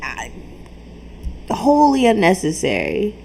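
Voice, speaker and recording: Slow, teasing woman commentator. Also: medium pitch, wildly swooping pitch, creaky, mellow, slight background noise. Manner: teasing, laughs at him. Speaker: reaction commentator. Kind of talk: mocking commentary over clips.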